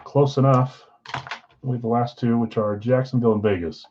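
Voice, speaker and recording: A man's voice: mid-range voice, fairly even intonation, moderate pace, darkish tone, dull audio, a little hiss or hum. A man hosting a live card break from a card shop, reading out names and teams in a casual, tired way. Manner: casual, reads names off a list, tired and yawning.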